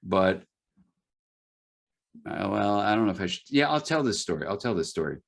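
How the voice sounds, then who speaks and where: A man's voice: fairly low pitch, sing-song, moderate pace, vocal fry. A middle-aged man, an author speaking as a guest in a webinar conversation, telling stories with frequent restarts and fillers. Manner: storytelling, many restarts and fillers.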